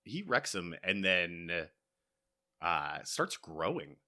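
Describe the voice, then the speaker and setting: A man co-hosting a casual comedy podcast, chatting slowly and dropping in wry jokes. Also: deep voice, big pitch swings, sharp tone. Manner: slow, wry, drops in jokes. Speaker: podcast co-host.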